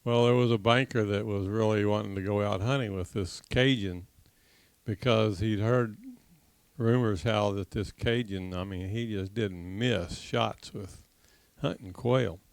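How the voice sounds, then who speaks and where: A man teaching a congregation class, telling a folksy joke with laughs and loud acted-out gunshots, then leading a prayer. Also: fairly low pitch, steady tone, unhurried, creaky, smooth, no echo. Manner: jokey storyteller who laughs at his own tale, acts out shots loudly.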